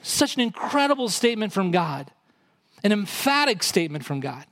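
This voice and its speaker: In a sing-song, slightly bright voice at normal speed, a male pastor explains scripture conversationally during a sermon. His pitch and intensity climb whenever he quotes or stresses a point.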